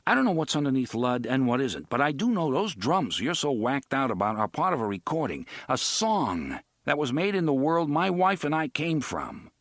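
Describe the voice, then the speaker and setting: A man reading aloud, voicing a blunt young man who talks in rapid, exasperated outbursts. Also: mid-range voice, expressive, fairly bright tone, no echo, clean studio sound, pitched above the performer's own voice.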